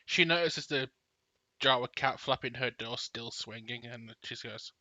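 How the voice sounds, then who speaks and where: A man narrating his character in a tabletop role-play, in a very bright, sharp tone. His delivery is measured and descriptive. The recording is dry and close, with dull lo-fi stream audio. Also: medium pitch, no echo. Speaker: player.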